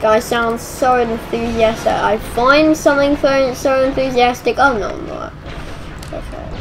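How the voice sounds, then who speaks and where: A young woman casually commenting on her gameplay in an excitable, chatty way. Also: high-pitched, low-quality recording. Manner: excitable, chatty, exclaiming at the action. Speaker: let's play gamer. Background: game music.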